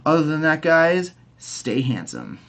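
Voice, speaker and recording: A man's voice: fairly high pitch, huge pitch swings, unhurried, vocal fry, heavy background noise. A young man ranting in a casual video review, swearing, heated, often stumbling over his words with repeated restarts. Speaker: movie reviewer.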